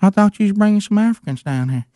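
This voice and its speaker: A man's voice: high-pitched, animated, fast talker, dark tone, dry recording, clean studio sound, voice pushed up. A man voicing a blunt rural bulldozer operator. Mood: puzzled.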